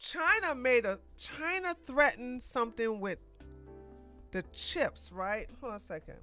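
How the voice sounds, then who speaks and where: A woman's voice: on the high side, very animated, unhurried, bright, forceful tone, faint music behind. A woman hosting a political news livestream, talking loosely with many restarts and asides. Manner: rambling, restarts, talks back to clips. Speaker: podcast host. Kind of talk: casual political commentary livestream.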